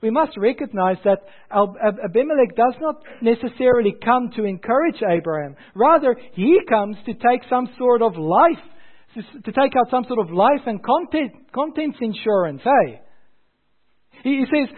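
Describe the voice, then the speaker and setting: A man with a high voice delivers a sermon with emphatic, repeated rhetorical questions. The sound is thin and tinny, like a phone line. He preaches in the steady manner of a pastor. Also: moderate pace.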